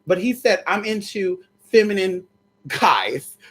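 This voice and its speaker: A young adult woman telling a personal story to her viewers in a sassy, animated way, often calling them "girl" and "y'all". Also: medium pitch, slow pace, husky. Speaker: storyteller vlogger.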